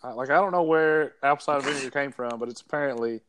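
A man's voice: mid-range voice, steady tone, quick pace, fairly bright tone, a little hiss or hum. Laid-back young man chatting. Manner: laughing, joking storyteller. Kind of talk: casual chat.

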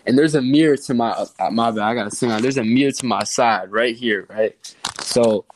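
A man's voice: medium pitch, brisk, slight background noise. A young man telling a story in casual chat, slangy and laughing often. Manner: slangy, laughing, says bro a lot. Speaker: guest storyteller.

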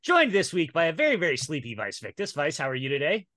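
A man hosting a podcast with a bright, slightly high voice, upbeat and teasing his co-hosts. The sound is dry and close. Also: huge pitch swings, fast talker, no room sound. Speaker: podcast host. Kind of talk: casual chat.

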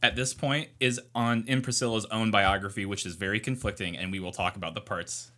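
Bright-voiced man telling a story on a podcast. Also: fairly low pitch, fairly quick. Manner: reads passages aloud, steady explaining. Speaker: podcast co-host.

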